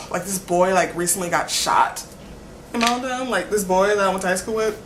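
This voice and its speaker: A woman's voice: medium pitch, brisk. Young woman, rambling vlog chat, says "like" constantly, laughs between thoughts, middling voice, faint background hiss. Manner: rambling, fills every phrase with "like". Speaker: vlogger.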